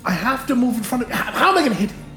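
A woman's voice: fairly high pitch, expressive, rapid-fire, a bit bright, echoey room. A woman playing a tabletop game, playfully protesting and planning her moves. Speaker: player. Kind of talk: casual tabletop play.

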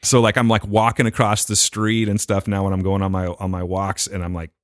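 A man's voice: fairly low pitch, brisk, no echo, studio quality. A man casually telling a story on a podcast, cursing freely and acting out the people in it. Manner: profane, animated retelling with put-on quotes. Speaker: podcast co-host.

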